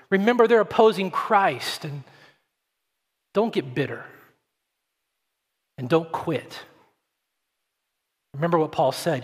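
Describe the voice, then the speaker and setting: A man's voice: fairly high pitch, fairly bright tone, breathy edge. A man preaching a sermon as pastor, earnest, often repeating words as he starts a sentence. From Atlanta, Georgia, US. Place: church sanctuary. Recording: long church-hall reverb.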